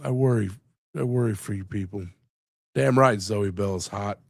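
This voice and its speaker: A man's voice: fairly low pitch, normal speed, vocal fry, no room sound, studio quality. A man hosting a live stream, chatting casually in a rambling, joking way with plenty of swearing while he sounds sick and tired. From Louisiana. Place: home room.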